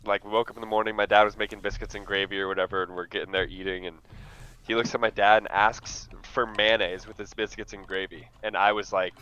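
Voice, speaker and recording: A man's voice: on the low side, level tone, quick pace, sharp tone, clear, resonant tone, lo-fi sound. A man co-hosting a casual podcast, telling a story with amusement. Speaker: podcast co-host. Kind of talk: casual chat.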